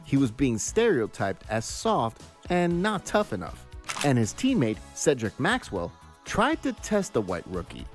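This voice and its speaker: A man's voice: medium pitch, wildly swooping pitch, a little slow, soft background music. Man narrating a sports story. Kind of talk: scripted narration.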